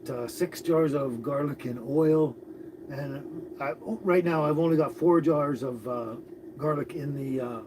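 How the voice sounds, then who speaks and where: A man hosting a casual live stream, greeting viewers and chatting in a relaxed, rambling way with frequent chuckles. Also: fairly high pitch. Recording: noisy recording with birds behind.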